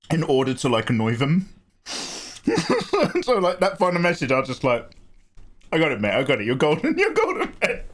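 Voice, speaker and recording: A man hosting a casual livestream, greeting viewers by name in a chatty way and laughing often. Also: medium pitch. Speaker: art livestream host.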